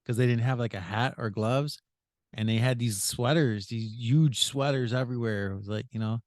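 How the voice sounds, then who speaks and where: A male podcast host spins a rambling story, looping back with "I said" and chuckling along the way. His voice sits at a middle pitch, and the recording is dry and close. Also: moderate pace, darkish tone, dry recording. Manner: retells with many "I said", laughs often. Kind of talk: casual storytelling.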